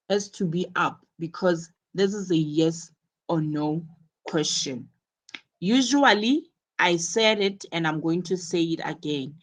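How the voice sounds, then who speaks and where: A woman teaching an English lesson, slowly spelling out words and acting out example phrases. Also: fairly low pitch, a bit bright, low-quality recording. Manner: slow, repeats and spells out words; acts out examples with bursts of energy. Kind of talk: live online English lesson.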